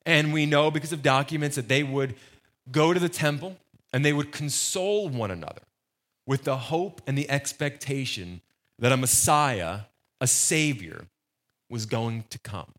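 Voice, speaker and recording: A man preaching a sermon, conversational with joking asides. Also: medium pitch. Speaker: pastor.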